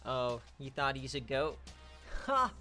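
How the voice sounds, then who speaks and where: Male stream host, bright punchy voice, hype-man sports commentary with trash talk. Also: mid-range voice, slow pace, faint music behind. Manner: excitable, trash-talking, casual slang. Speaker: online dynasty league streamer.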